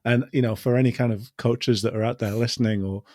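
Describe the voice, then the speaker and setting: A man hosting a podcast, asking thoughtful questions in a measured way. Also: medium pitch, fairly even intonation, darkish tone, no echo, studio quality. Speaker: podcast host. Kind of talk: casual podcast interview.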